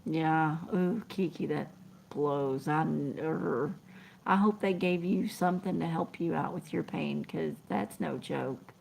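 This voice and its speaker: A woman's voice: deep voice, measured pace, gravelly, a little mellow, slight background noise. A middle-aged woman, chatting scattered and laughing as she reads viewer comments on a livestream. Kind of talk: casual live chat.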